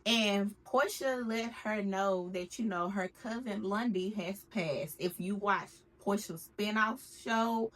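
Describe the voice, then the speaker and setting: A woman's voice: mid-range voice, takes it slowly, few pauses, a bit bright. A woman giving a casual TV recap, acting out the cast's lines with big swings in her voice. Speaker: recap vlogger.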